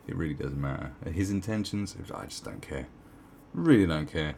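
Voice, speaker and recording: A man's voice: extremely low pitch, lively intonation, normal speed, gravelly, darkish tone, a little hiss or hum. A man giving sarcastic, profane commentary as he reads an article aloud, with mocking asides. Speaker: online commentator.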